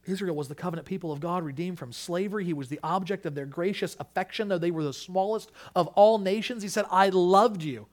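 A pastor delivers an emphatic sermon in a fairly high voice. He repeats his key lines and swings from loud, urgent peaks to quiet, hushed moments. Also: fast, few pauses.

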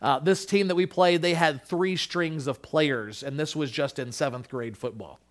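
High-voiced man preaching a sermon. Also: normal speed. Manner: earnest, with frequent restarts. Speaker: pastor.

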